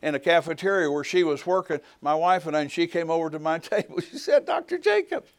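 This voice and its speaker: An older man preaching and telling stories from his ministry, his voice smooth and resonant. He acts out each exchange as he goes and climbs to a shout at the big moments. The sound is close and dry. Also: on the high side, quick pace, dry recording. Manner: animated storytelling, acts out dialogue, swells to shouting at climaxes. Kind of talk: sermon with personal testimony.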